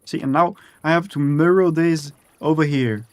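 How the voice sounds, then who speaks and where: A man's voice: fairly high pitch, moderate pace, no room sound. A young man chatting casually and swearing often as he narrates building in a game and talks to himself. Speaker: gaming streamer. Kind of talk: casual gameplay commentary.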